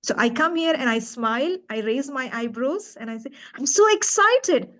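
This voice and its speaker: A woman's voice: fairly high pitch, moderate pace, fairly bright tone. A woman who coaches public speaking, answering interview questions on a video call with emphatic, demonstrative delivery. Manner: emphatic, demonstrates emotions in her voice.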